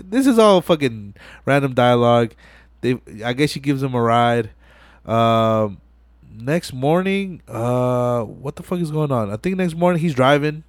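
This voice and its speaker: A man hosting a podcast, excitedly retelling a movie scene by scene in profane, casual slang. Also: medium pitch, measured pace, no echo. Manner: profane, animated retelling full of "you know what I'm saying". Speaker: podcast host. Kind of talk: casual movie-recap chat.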